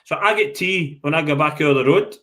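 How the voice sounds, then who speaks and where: Man, co-host, playful, rambling, fairly high pitch. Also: brisk, bright, forceful tone, a little hiss or hum. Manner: playful, rambling, self-mocking. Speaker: chat show co-host. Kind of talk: casual live chat show banter.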